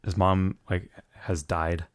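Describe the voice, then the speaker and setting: A man's voice: low voice, level tone, slow, clean tone. A man co-hosting a podcast in casual chat, rambling with many fillers. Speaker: podcast co-host.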